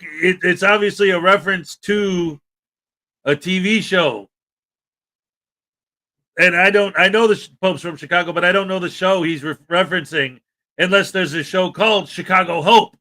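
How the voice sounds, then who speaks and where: A man's voice: high-pitched, moderate pace, pushed and bright. A man hosting a live stream, chatting casually and rambling, often laughing and trailing off mid-thought. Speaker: host.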